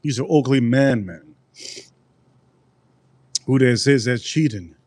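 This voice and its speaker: A man hosts a casual live stream, talking to his chat about food. He rambles and repeats words as he goes. His mid-pitched voice sounds close and dry. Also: takes it slowly, a little mellow, no room sound. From United States.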